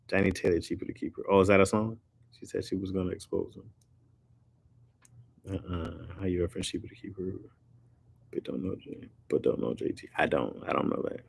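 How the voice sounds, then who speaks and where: A man's voice: sits low, creaky, husky. A man hosting a casual live stream, talking loosely and jokingly with slang while reacting to viewer comments.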